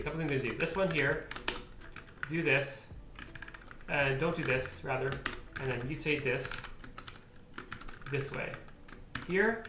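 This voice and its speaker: A man streaming live as he codes, thinking aloud and muttering to himself, with sudden exasperated outbursts. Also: on the high side. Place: room at a computer, keyboard clicks. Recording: echoey room, faint noise.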